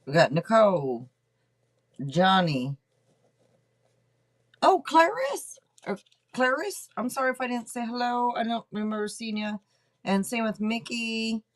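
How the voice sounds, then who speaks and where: A woman hosting a casual livestream, chatting loosely and swearing now and then as she reads names off a list. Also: medium pitch. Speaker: podcast host reading tarot for a live chat.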